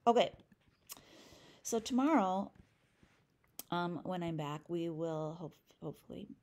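An American woman teaching a French lesson in a chatty, upbeat way, spelling out words and drilling them slowly. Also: fairly low pitch, lively intonation, darkish tone. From United States. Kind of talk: recorded classroom lesson.

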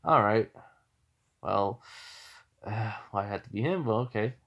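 A man's voice: fairly low pitch, animated, slow, gravelly, highs cut off, full character voice. A man voicing a sheepish older ninja mentor who speaks reluctantly, with sighs. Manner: reluctant, sighing.

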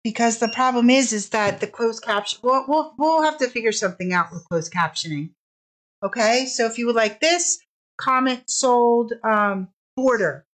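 A woman's voice: a little high, normal speed, a bit bright, poor audio. A woman hosting a live-streamed fabric sale, chatting casually, gushing over the fabrics and apologizing often.

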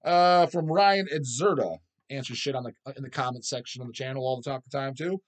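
Male channel host, mid pitch, profane blunt rant style, crude and casual. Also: brisk. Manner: blunt, crude, swears constantly. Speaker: channel host answering viewer questions.

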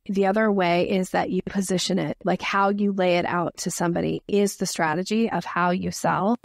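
A woman who is a sales expert, explaining techniques in a podcast interview with energetic role-played dialogue. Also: lowish voice, moderate pace, vocal fry, no room sound, clean studio sound.

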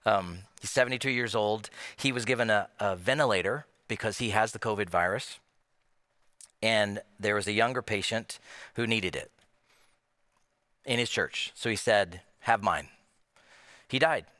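A man preaching a sermon as pastor, animated, asking many rhetorical questions and acting out the voices of imagined people. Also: lowish voice, moderate pace, pauses often, no echo, studio quality.

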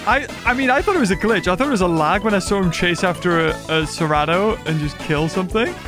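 A man giving excitable live commentary over a video game, exclaiming and laughing often. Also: sits high, quick pace, music in the background. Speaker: gaming YouTuber.

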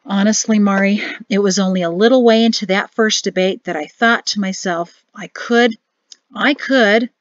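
A woman's voice: medium pitch, steady tone, normal speed, no room sound, close to an everyday voice. Earnest, nervous young suitor, read by a woman narrator; dry muffled audiobook sound.

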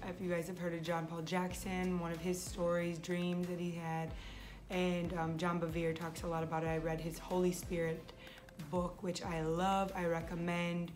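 A young woman hosting her faith vlog, talking casually and eagerly, often restarting her phrases. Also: lowish voice. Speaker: vlog host.

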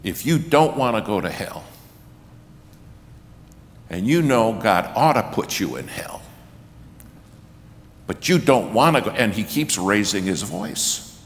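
Male guest preacher, low voice, very lively delivery, acts out the quotes, long church reverb. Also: measured pace, long pauses. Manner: animated storyteller acting out quotes, rising to shouts. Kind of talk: storytelling sermon. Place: church sanctuary. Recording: reverberant church hall, faint ambience.

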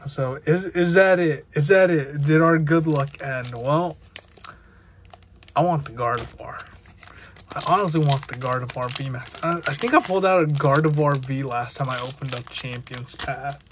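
A young man chatting excitedly with lots of filler words while opening trading card packs. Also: fairly high pitch, moderate pace, slight background noise. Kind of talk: casual unboxing commentary.

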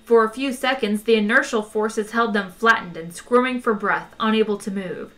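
A woman reading a comic science-fiction novel aloud in a lively, wry way. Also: mid-range voice. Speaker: audiobook reader. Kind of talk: expressive audiobook narration.

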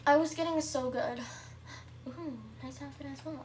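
A young girl giving casual, chatty commentary over her own gameplay at home, excitable and shrieking at surprises. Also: high voice, normal speed, far from the mic, a little hiss or hum. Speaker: gameplay vlogger.

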